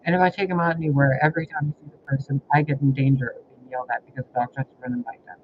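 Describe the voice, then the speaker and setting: Racing along in a mid-range voice with fairly even intonation, a man rambles through personal stories in a casual vlog. He is a spiritual reader, exasperated and cursing heavily, recorded in dull lo-fi audio with a faint hiss.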